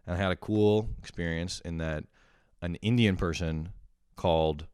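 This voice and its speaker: Male comic, deep smooth voice, casual profane storytelling with lots of fillers. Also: steady tone, normal speed, darkish tone, dry recording, clean studio sound. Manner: loose, profane, many "like" fillers. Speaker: comedian. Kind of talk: rambling comic monologue.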